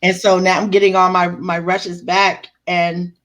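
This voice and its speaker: A woman's voice: lowish voice, little pitch movement, unhurried, a bit bright. A woman author in casual group chat on a video call, animatedly telling profane stories and acting out her readers' reactions.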